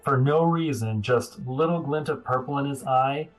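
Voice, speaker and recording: A man narrating a tabletop role-playing game as game master, in a halting way with many fillers. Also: medium pitch, soft background music, low-quality recording.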